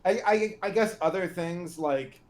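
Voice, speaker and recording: Enthusiastic podcast dude, kinda high voice, stops and restarts a lot. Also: male voice, measured pace. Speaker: podcast co-host. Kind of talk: casual chat.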